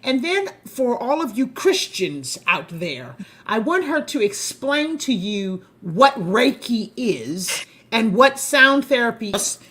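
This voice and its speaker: A woman hosting a podcast in casual chat, animated and emphatic, talking up her guest with bursts of excitement. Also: fairly high pitch, slow, slightly rough. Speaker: podcast host.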